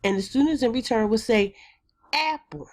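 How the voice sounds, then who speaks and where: A woman teacher explaining a classroom phonics routine step by step, with plain, methodical talk and frequent ums. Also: unhurried. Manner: jumps higher and brighter when acting out chants.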